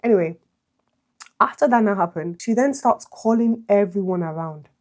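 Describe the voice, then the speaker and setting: A young woman vlogger chatting through a storytime retelling while doing her makeup, animated and exclamatory. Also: medium pitch, moderate pace. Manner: animated, exclamatory, slangy commentary. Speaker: beauty vlogger.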